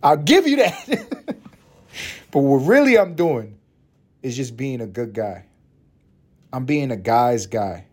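A man's voice: medium pitch, lively intonation, slow pace, pauses often, darkish tone. A man of Puerto Rican background doing a crude, rambling comedy podcast monologue, slipping into mocking voices and laughing. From Puerto Rico. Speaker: podcast host.

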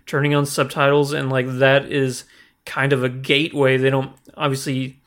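A man's voice: mid-range voice, monotone, normal speed, a bit bright. A man co-hosting a podcast, chatting in a curious, conversational way. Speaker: podcast co-host. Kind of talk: casual podcast chat.

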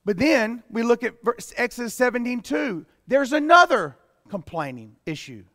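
A man pastor preaching a sermon with emphatic delivery that rises to loud exclamations. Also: very high voice, sing-song, moderate pace, dry recording, studio quality, long reverb tail.

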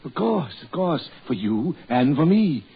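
A fussy, soothing doctor. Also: male voice, a little high, very animated, unhurried, heavily acted. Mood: eager. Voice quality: soothing yet fussy, very husky. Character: fussy middle-aged family doctor. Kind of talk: 1940s radio acting. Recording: muffled old radio recording.

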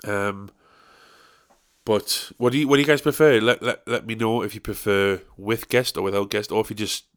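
Young male podcast host, low voice, loose crude self-deprecating rambler. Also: steady tone, normal speed, smooth. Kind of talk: casual solo podcast chat.

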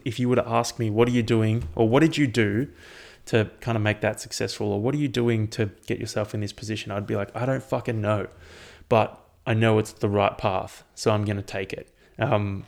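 Young man, casual rambling host, swears freely, gravelly and a bit low. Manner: rambling and profane, with frequent ums. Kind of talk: casual chat.

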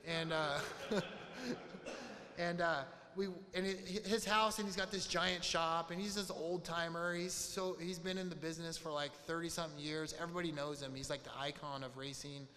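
A man's voice: a little high, steady tone, moderate pace, sharp tone. Man telling a candid story in a hall. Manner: candid, profane, retells dialogue in quotes. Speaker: speaker sharing a recovery story. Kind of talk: personal storytelling to a group. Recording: long hall reverb, faint noise.

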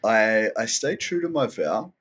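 A man's voice: fairly low pitch, big pitch swings, measured pace, a bit bright, breathy edge. A man talking as a podcast guest in a candid, rambling way, swearing often and restarting his sentences. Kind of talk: candid casual conversation.

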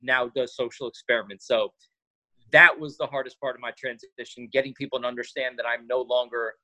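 A podcast guest with a medium-pitched voice speaks briskly. He's an animated storyteller in a casual interview, performing the quoted lines as he goes.

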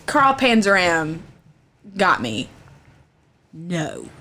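A woman's voice: fairly low pitch, very animated, very slow, pushed and bright. Podcast co-host, woman, casual joking storyteller, swears freely. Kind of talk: casual chat, retelling a legend.

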